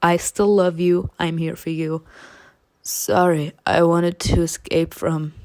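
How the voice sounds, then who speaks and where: A woman reading a story game aloud and talking back to it, animated and dryly sarcastic in her asides. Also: on the low side, takes it slowly.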